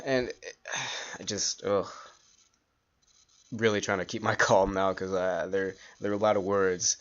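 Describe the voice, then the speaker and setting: A man hosting his own podcast, ranting in a frustrated, halting way with sighs and restarts. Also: deep voice, steady tone, lo-fi sound. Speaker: podcast host. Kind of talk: solo podcast rant.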